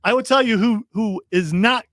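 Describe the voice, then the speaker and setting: A man hosting a radio show in a high voice, rambling and restarting his sentences with self-deprecating asides. The sound is dry and close, with no room around it. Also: normal speed, fairly bright tone, no room sound. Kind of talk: casual radio chat.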